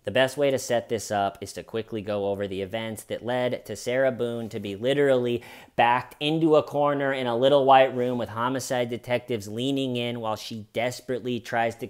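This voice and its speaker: A man giving sarcastic, comedic true-crime commentary as a host, telling the story with animated jabs. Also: mid-range voice, clear, resonant tone.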